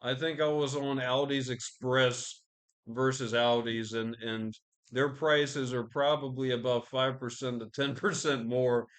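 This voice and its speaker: A man's voice: medium pitch, fairly even intonation, measured pace. A man hosting a podcast, ranting casually about the news with constant swearing, fillers and restarts. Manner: profane, rambling, lots of fillers and restarts. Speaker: podcast host.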